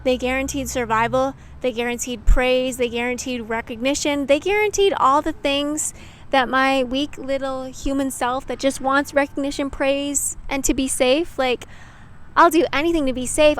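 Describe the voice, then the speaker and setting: In a reflective, rambling monologue to camera, a young YouTube creator speaks candidly, leaning heavily on "like" and swearing casually now and then. Her voice sits high with a steady tone, and she talks at a normal speed. There's a little hiss or hum in the audio.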